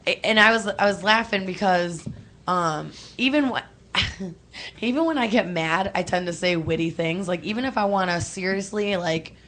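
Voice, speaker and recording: A woman's voice: mid-range voice, normal speed, a bit bright. Woman, young adult, chatty, laughs often, emotional, casual call-in talk. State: emotional, close to tears. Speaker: co-host. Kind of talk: casual radio chat.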